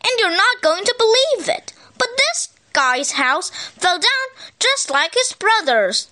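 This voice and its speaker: A woman storyteller reads a picture book aloud with a high voice. She is animated and expressive, her pitch swooping all over, and she takes her time with each line. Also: measured pace.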